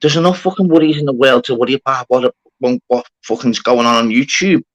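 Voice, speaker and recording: A man hosting a casual live-stream chat, rambling, animated and swearing a lot. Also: mid-range voice, brisk, no echo, rough recording. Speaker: channel host.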